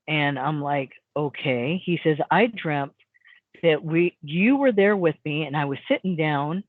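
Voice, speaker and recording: Woman, hypnotist guest, animated rambling storyteller, tinny phone line, dry sound. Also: lowish voice, no room sound. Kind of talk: casual storytelling on a call.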